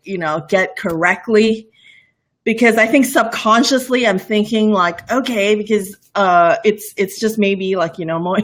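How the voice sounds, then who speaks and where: A woman's voice: medium pitch, a bit bright. A young woman from Borneo with a mixed international English accent, chatting as a guest in an interview, rambling with many fillers and frequent laughs. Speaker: cooking show host, guest. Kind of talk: casual interview chat.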